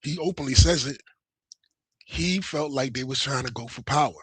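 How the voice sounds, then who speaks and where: A man chatting as a guest on a livestream, animated, slangy and profane. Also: medium pitch, normal speed, slightly rough, no echo. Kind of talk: casual chat.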